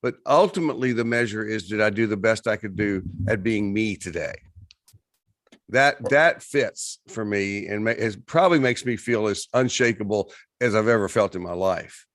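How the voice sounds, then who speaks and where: A man talking through his ideas in a relaxed, reflective conversation. He stops and restarts often and doubles up his words as he searches for them. The sound is close and dry, with no room echo. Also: on the low side. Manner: halting, many restarts and repeated words. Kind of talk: casual conversation.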